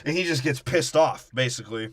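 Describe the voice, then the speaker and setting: A man's voice: medium pitch, brisk. A young man co-hosting a podcast, giving a crude, mocking comedic movie recap and slipping into silly character voices. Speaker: podcast co-host.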